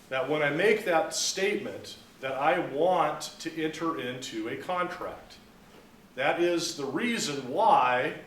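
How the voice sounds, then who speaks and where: A man's voice: on the high side, a bit bright, slight background noise. A man giving a business law lecture, explaining terms step by step and acting out a story to make a point. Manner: explains with acted-out anecdotes. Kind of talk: classroom lecture. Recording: roomy, mic at a distance.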